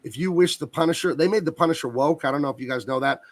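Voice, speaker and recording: A man's voice: fairly high pitch, very fast, no echo. A man who colors comics, talking enthusiastically and at length about his work as a guest on a video call. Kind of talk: casual interview chat.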